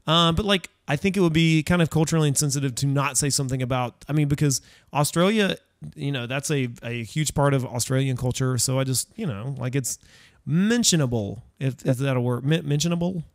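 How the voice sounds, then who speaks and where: A man's voice: mid-range voice, a little fast, no echo, studio quality. A man hosting a casual horror-movie podcast, rambling and correcting himself as he searches for words. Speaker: podcast host. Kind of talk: casual film discussion.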